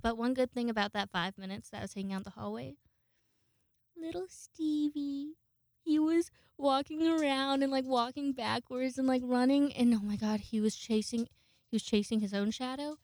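Chatty woman, smooth and dry. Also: on the high side, brisk, darkish tone, dry recording. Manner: chatty, profane, rambling with frequent fillers. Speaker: vlogger. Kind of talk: casual storytime chat. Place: home, indoors. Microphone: close microphone.

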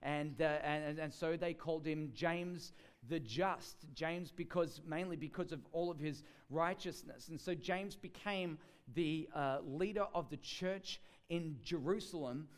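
A man's voice: fairly high pitch, measured pace, smooth. A man preaching a sermon in a chatty storytelling way, with many fillers and restarts.

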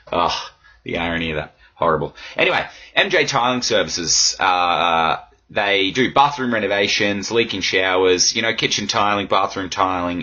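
A man's voice: low voice, pushed and bright, breathy edge, dull audio. A man hosting a casual solo podcast, rambling and swearing freely and poking fun at himself. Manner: rambling, sweary, self-mocking. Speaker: podcast host. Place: home room in a swivel chair.

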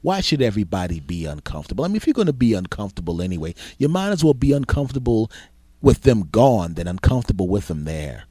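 A man's voice: lowish voice, sing-song, fast, dark tone, breathy edge, dry recording. A man hosting a podcast, telling a rambling, crude comedic monologue full of exaggerated tangents. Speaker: podcast host.

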